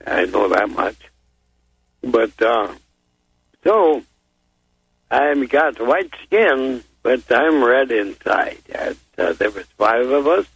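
A man in his sixties from the United States, a guest on a phone-in talk show, speaking in a slow, rambling, hesitant way. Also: medium pitch, creaky, a bit bright, slightly rough, no room sound. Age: 60s. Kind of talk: casual interview chat. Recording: phone line.

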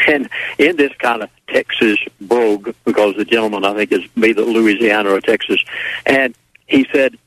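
A man's voice: lowish voice, moderate pace, fairly bright tone, no room sound, rough recording. A man guest on a radio talk show, telling a rambling, folksy story in a casual way and acting out what others said. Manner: folksy, rambling, acts out quoted voices.

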